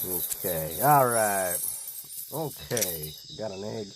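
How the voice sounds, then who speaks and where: Over loud music, a man with a low-pitched, animated voice hosts a gaming channel and chats casually with his viewers about a game. He talks in a slow, drawn-out, chatty way and keeps calling them "guys."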